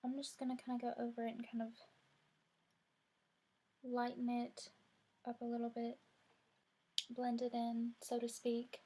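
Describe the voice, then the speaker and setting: A woman's voice: fairly high pitch, completely flat delivery, measured pace, pauses often, warm tone, a little hiss or hum. A young woman, chatting casually through a makeup tutorial and saying "y'all" a lot. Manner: chatty, rambling, says "y'all" often. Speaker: beauty vlogger.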